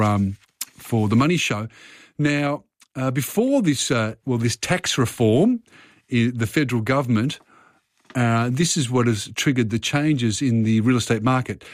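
Man, radio host, relaxed banter, medium pitch, dry close studio mic. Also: no room sound. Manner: easygoing, friendly banter with many fillers. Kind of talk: casual radio talk.

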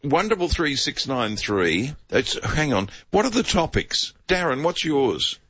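A man's voice: on the high side, sing-song, a little slow, a bit bright, dry recording. A man hosting talk radio, bantering and taking calls. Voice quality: husky. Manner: dry, bantering, takes calls. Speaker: radio host. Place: radio studio. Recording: dull, muffled broadcast sound.

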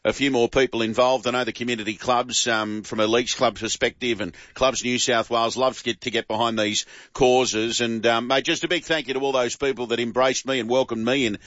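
A man's voice: mid-range voice, steady tone, brisk, hardly any pauses, fairly bright tone, dry recording. A man with an Australian accent hosting a sports radio show, chatting in a laid-back, matey way. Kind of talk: casual radio chat and match updates. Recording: slightly dull, dry studio sound.

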